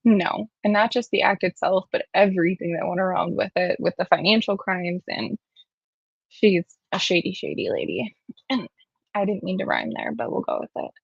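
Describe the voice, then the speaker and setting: A woman's voice: mid-range voice, expressive, normal speed, vocal fry, breathy edge, no echo, dull audio. A woman hosting a true-crime livestream, chatting casually and reading aloud, close to tears and poking fun at herself. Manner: chatty, self-deprecating, emotional while reading. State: near tears.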